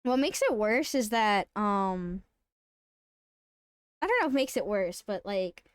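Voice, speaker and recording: A woman streamer telling a story in casual live-stream chat, animated and swearing freely. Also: mid-range voice, unhurried, smooth, no room sound, studio quality.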